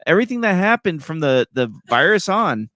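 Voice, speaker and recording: Brief: man co-host, fairly high voice, agreeable and laughing, dry call sound. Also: very animated, a little fast, a bit bright, no echo. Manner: agreeable, laughs often, chimes in. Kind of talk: casual political chat.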